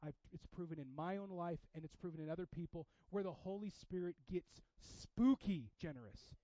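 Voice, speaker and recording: Animated high-voiced male preacher. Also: moderate pace, no echo, dull audio. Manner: casual, animated preaching with sudden loud bursts. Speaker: pastor. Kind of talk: sermon.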